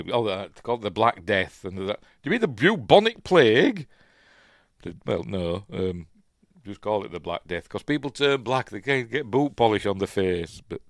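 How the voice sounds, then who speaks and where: Low-voiced Yorkshire man, chatty and rambling, film commentary recorded dry and close. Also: no room sound. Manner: rambling, chatty, with many ums and restarts; plays out the characters' lines in quotes. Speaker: film review host. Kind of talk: casual film commentary while watching.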